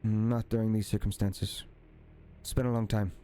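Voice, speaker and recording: A man's voice: on the low side, flat delivery, dark tone, natural voice. Man playing a grim, grieving hunter. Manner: grave, measured, sparing with words. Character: grieving male hunter set on revenge.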